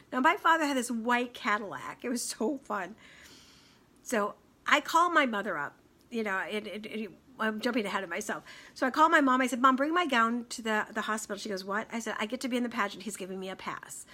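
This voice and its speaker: A middle-aged woman and radio host telling a personal story in a casual, animated way, acting out the people she quotes and laughing often. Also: fairly high pitch.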